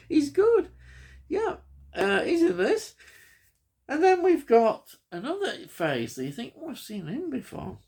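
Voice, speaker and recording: A man, reviewing a film in a rambling, enthusiastic chat full of ums. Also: high voice.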